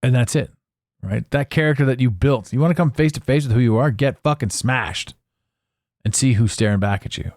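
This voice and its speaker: A man's voice: mid-range voice, fairly quick, a little mellow, no room sound, clean studio sound. A man hosting a podcast, talking in a blunt, profane, casual monologue. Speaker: podcast host.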